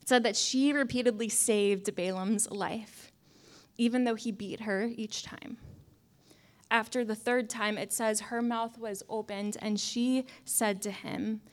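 A young adult woman preaching a conversational sermon in a wry, self-mocking way, often dropping to soft asides. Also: fairly high pitch, steady tone, measured pace.

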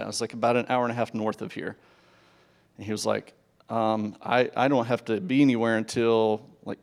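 A man's voice: lowish voice, gravelly. A young man preaching, telling a personal story in a conversational way, with false starts and acted-out dialogue. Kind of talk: sermon storytelling.

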